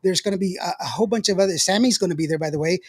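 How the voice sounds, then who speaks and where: Older man, husky, dry close sound, rambling and laughing podcast host. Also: high voice, very fast, dry recording. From West Texas. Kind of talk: casual chat, reading live comments.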